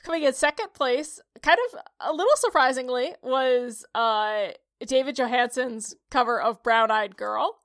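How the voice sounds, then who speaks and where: A woman's voice: high voice, a little slow, few pauses, fairly bright tone, dry recording, clean studio sound. A woman from upstate New York co-hosting a podcast, telling rambling stories with lots of laughs. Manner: giggly, rambling storyteller. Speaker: podcast co-host. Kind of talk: casual chat.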